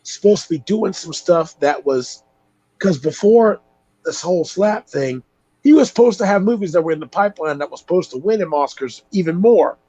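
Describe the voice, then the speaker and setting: A man's voice: sits high, animated, normal speed, dark tone, dry recording, muffled recording. A man joining a live chat show, chiming in easygoingly and agreeing with the others. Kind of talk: casual chat.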